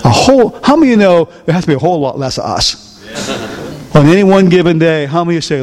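A man's voice: fairly high pitch, lively intonation, quick pace, a little mellow, long reverb tail. An older man preaching a folksy sermon, often asking the congregation questions. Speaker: pastor.

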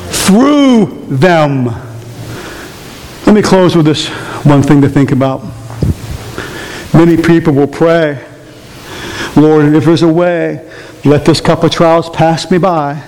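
A man's voice: fairly high pitch, takes it slowly, long pauses, a little mellow. A man preaching a sermon to his church, emphatic and rising, throwing questions at the congregation. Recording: long reverb of a church hall.

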